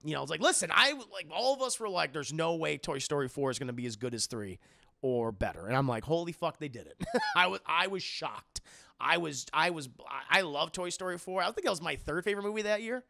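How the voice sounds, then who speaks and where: A man with a gravelly edge to a bright, forceful voice talks in loose, rambling chat, swinging his pitch up and down with excitement. He swears freely and laughs often. The sound is dry and close. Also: fairly quick, dry recording. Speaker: podcast host. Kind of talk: casual chat.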